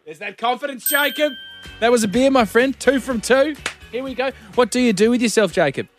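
A man's voice: extremely high pitch, fairly quick, soft background music. A man with an Australian accent hosting a radio segment, teasing callers with cheeky banter. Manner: cheeky, teasing, lots of mate and laughs. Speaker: radio host.

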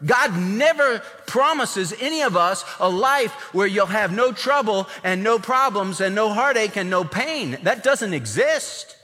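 A man preaching a sermon with animated delivery, acting out the voices he quotes. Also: sits high, a little slow, hardly any pauses. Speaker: pastor. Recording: long hall reverb.

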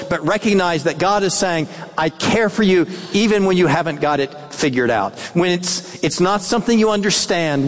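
Male pastor, earnest sermon delivery, lively pitch, long hall reverb. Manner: earnest, dips into soft hushed tones for quoted words.

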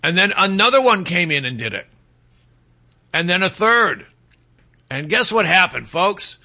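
Man, talk radio host, sarcastic monologue, pitched high, bright and piercing tone. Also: big pitch swings, a little slow. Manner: sarcastic, mocks people in put-on quoted voices.

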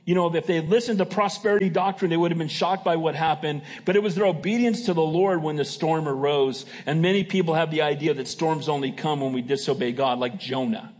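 A middle-aged male pastor preaching a sermon with a husky, slightly breathy voice that sits fairly high for a man. He speaks in a relaxed, conversational way and keeps turning to his listeners with a quick "Amen?". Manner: conversational preaching with frequent "Amen?" call-outs.

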